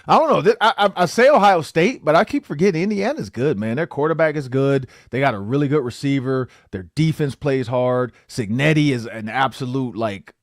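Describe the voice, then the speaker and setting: A man's voice: medium pitch, lively intonation, brisk, hardly any pauses, no room sound, clean studio sound. A man hosting a sports podcast, talking loosely and animatedly with lots of filler words. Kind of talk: casual sports talk.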